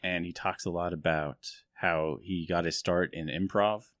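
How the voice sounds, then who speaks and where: Deep-voiced joking podcast host man. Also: fairly even intonation, moderate pace, fairly bright tone, no echo, clean studio sound. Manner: joking, self-mocking, rambling. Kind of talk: casual podcast chat.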